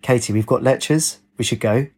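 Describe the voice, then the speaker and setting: A man's voice: mid-range voice, moderate pace, darkish tone, natural voice. A man voicing a nervous, impatient young male student, his voice raised above his own.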